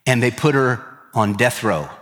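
Slow emphatic preaching man, reverberant hall. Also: expressive, a bit bright. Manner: slow emphatic preaching, drops low on key words. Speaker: pastor. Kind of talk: sermon.

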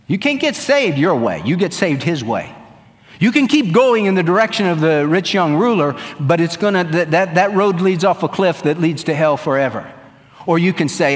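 Earnest male pastor, preaching with emphasis, somewhat high voice. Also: lively intonation, normal speed, big-room sound. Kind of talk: sermon.

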